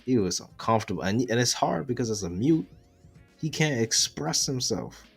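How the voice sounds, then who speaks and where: A man co-hosting a casual anime podcast, laid-back, his voice softening as sentences trail off. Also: medium pitch, lively intonation, normal speed, vocal fry, slightly rough, soft background music. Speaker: podcast co-host.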